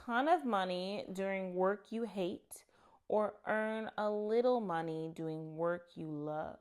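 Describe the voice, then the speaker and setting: A woman's voice: mid-range voice, takes it slowly, darkish tone, clear, resonant tone. A woman co-hosting a casual comedy chat, asking questions and teasing her partner. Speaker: podcast co-host.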